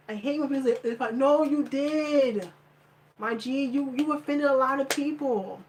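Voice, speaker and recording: A woman's voice: sits high, normal speed, darkish tone, slight background noise, rough recording. A woman vlogger ranting in blunt, profane commentary, repeating her points for emphasis. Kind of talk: heated commentary rant.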